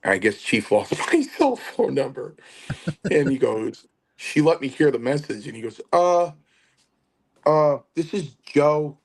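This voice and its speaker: A man's voice: mid-range voice, normal speed, creaky, slightly rough. A middle-aged man, a podcast guest, animatedly telling stories and acting out quotes. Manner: animated storyteller, acts out quotes. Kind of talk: storytelling interview.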